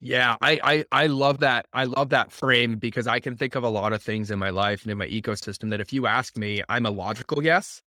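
A man's voice: mid-range voice, fairly quick, few pauses, sharp tone, no room sound, studio quality. A man hosting a casual podcast conversation, talking energetically and repeating words for emphasis. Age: adult, working professional. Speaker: podcast host.

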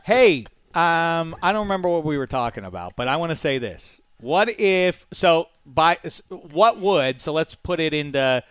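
A man's voice: on the high side, animated, normal speed, hardly any pauses, fairly bright tone, clean tone, no room sound. A man hosting a casual sports talk show, joking and rambling with his co-hosts. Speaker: host. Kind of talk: casual sports radio banter.

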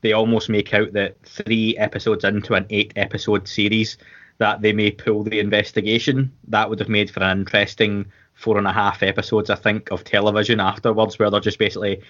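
In a fairly quick, fairly bright delivery with a level tone, a low-voiced Scotsman co-hosts a podcast watchalong, chatting casually. He rambles with fillers and restarts, and the sound is a bit dull and lo-fi.

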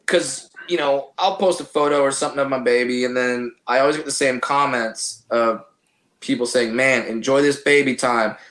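A man, a comedian guest, chatting casually on a podcast with halting restarts and profane jokes. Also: medium pitch, fairly even intonation, a bit bright. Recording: echoey room.

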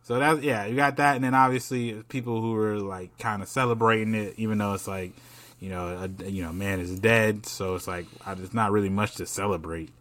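A male podcast co-host talking in loose, profane, slangy casual chat. His voice sits a little low and gets animated when he reacts. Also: a little fast.

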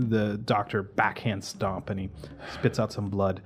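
A man's voice: lowish voice, level tone, a little slow. A man narrating a tabletop game as game master, describing scenes with frequent fillers.

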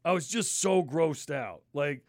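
A man's voice: a little high, a little slow, dry recording. Profane man ranting, dry studio. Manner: animated, swears constantly, disgusted ranting. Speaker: podcast host. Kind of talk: casual profane storytelling.

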